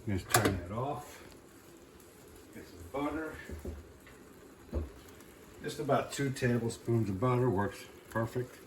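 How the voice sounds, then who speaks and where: A man's voice: mid-range voice, takes it slowly, long pauses, heavy background noise. A man hosting a casual home cooking show, talking easily as he cooks and plates a dish. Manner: relaxed, talks while cooking with fillers. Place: home kitchen. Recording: clattering dishes and pans behind.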